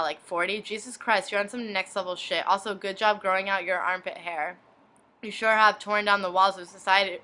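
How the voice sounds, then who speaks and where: Young woman reading her inbox messages out loud, bright crisp voice, very clean sound. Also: medium pitch, steady tone, normal speed. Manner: reads each message in turn, plainly. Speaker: blogger.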